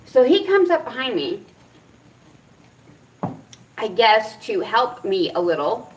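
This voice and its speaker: A woman's voice: on the high side, takes it slowly, far from the mic, a little hiss or hum, rough recording. A middle-aged woman vlogger from Arizona who tells a funny story with lots of laughter, then reviews a product in a casual chat. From Arizona, USA. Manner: animated, laughs often while telling stories.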